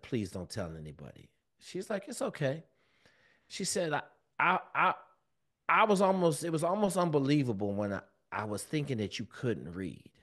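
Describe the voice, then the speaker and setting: A man, a guest on an interview show, telling a personal story in casual, slangy speech and acting out the voices of people in it. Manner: animated, acts out quoted dialogue with big pitch jumps; colloquial, relaxed slang. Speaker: guest, former Navy SEAL and mentor.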